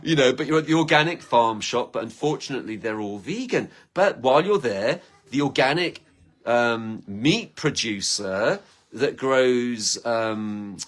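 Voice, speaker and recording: A man's voice: medium pitch, animated, unhurried, fairly bright tone. A man hosting his channel in a rambling, enthusiastic monologue that keeps acting out imagined conversations. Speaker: channel host.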